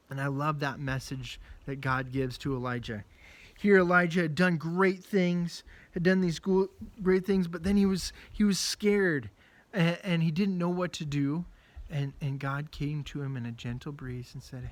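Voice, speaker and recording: Upbeat male children's pastor, casual and jokey, slightly raised pitch. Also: normal speed, no room sound. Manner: lively, casual storytelling with jokes. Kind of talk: children's Bible message.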